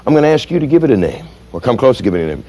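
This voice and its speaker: Middle-aged male seminar speaker, animated and theatrical, swooping pitch, acts out voices mid-lecture. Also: very fast. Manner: animated, dramatic storyteller, mimics voices and sounds. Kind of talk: lecture with acted examples.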